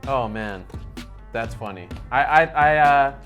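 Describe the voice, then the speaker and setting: A man's voice: medium pitch, lively intonation, slow, a bit bright, dull audio. A man from India co-hosting a reaction video, chatting casually and hesitantly with fillers. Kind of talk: casual chat. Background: guitar music.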